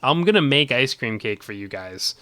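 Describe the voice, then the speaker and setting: Playful streamer guy, bright and dry close-mic, giggly banter with chat. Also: mid-range voice, expressive, moderate pace, clean tone, no echo. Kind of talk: casual game-stream chat.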